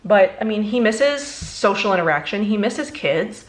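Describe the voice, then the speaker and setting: A young woman, a beauty vlogger, chatting casually through a makeup tutorial, rambling and halting, emotionally worn out. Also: mid-range voice, expressive. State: emotionally exhausted.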